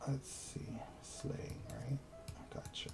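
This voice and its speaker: A man's voice: slow, music in the background. A man streaming a video game, making casual, self-deprecating comments and laughing at himself. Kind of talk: casual commentary while reading game dialogue.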